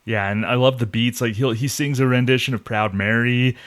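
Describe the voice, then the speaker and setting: A man co-hosting a podcast in relaxed casual chat, enthusiastic as he comments. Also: mid-range voice, fairly quick. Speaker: podcast co-host.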